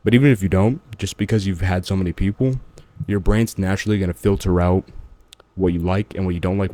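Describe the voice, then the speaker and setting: Guy w a deep mellow voice doing a slangy motivational vlog, talks right at you. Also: no room sound. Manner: slangy, emphatic, addresses the viewer directly. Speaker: self-improvement vlogger. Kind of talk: casual motivational talk to camera.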